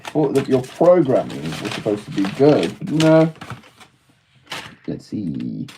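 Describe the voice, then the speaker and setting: A man's voice: on the low side, huge pitch swings, slow, noisy background. A British man chatting casually on a live stream, laughing often and answering his chat as he goes.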